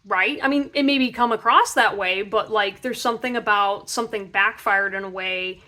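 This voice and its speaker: A young woman giving a casual pick-a-card tarot reading in a chatty, animated way, full of filler words. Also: medium pitch, moderate pace.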